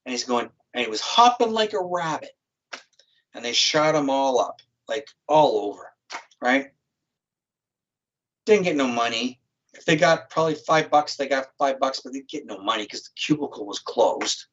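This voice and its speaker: With lively intonation and a fairly bright, mid-range voice, a man tells a story at moderate pace as a talk show guest. He's a psychic criminal profiler, and his vivid retelling is casual, blunt and profane, captured in dull lo-fi stream audio.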